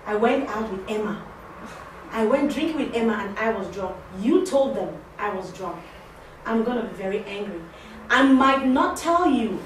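A woman's voice: fairly high pitch, expressive, moderate pace. Woman teaching in an echoey room. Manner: conversational, repeats points for emphasis, questions the class. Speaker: ESL teacher training teaching assistants. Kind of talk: interactive classroom talk. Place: classroom or training room. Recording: very echoey room, distant mic, faint noise.

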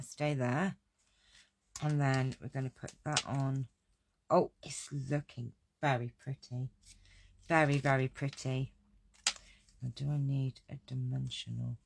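A woman chats away while she makes a craft project, joking about herself and laughing often. Her voice has a lot of gravelly fry. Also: rumbling low, darkish tone, a little hiss or hum. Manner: chatty, self-deprecating, laughs often. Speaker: crafting video host. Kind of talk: casual live crafting chat with viewers.

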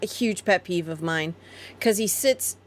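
A woman's voice: on the low side, lively intonation, a little slow. A woman co-hosting a casual live chat, reading viewer comments and chatting about the family's pets. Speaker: co-host of a family homestead livestream.

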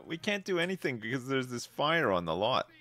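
A man giving casual, wry commentary while playing a life-sim game, laughing often and swinging between amused outbursts and low mutters. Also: sing-song, a little fast, sharp tone.

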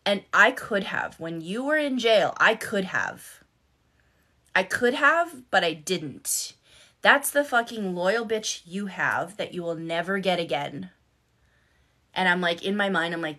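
A woman's voice: on the low side, expressive, unhurried, pushed and bright. A woman life coach telling a personal story on a live stream, speaking bluntly and emphatically and swearing freely. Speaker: life coach and content creator. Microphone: phone.

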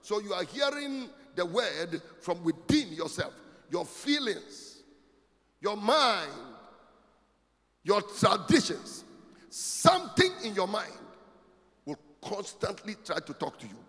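A pastor preaching a sermon, emphatic and rising to shouts with a sing-song cadence. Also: male voice, high voice, very animated, slow. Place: church. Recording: long hall reverb, faint music.

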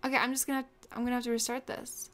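A woman's voice: fairly high pitch, level tone, racing, fairly bright tone. A young woman casually commenting on her own gameplay as a let's play host, often gasping and exclaiming.

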